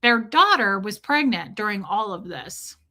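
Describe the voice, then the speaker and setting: A woman's voice: mid-range voice, expressive, measured pace, pushed and bright. A woman hosting a casual livestream, telling a story in a blunt, profane way and greeting viewers by name as she goes. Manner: blunt, profane, reads viewer names aloud mid-story. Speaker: livestream host. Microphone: streaming setup mic.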